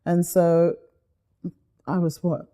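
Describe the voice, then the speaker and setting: This is a middle-aged woman from Guyana chatting as an interview guest. She tells her stories lively and acts out the voices she quotes. Her voice is mellow and sits a little low. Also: slow, clear, resonant tone. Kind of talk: casual interview chat.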